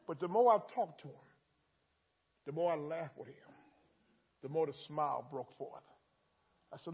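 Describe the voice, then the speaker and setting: A man's voice: on the high side, animated, normal speed, long pauses, husky, muffled recording. A man preaching a sermon in a call-and-response style, repeating lines with rising emphasis.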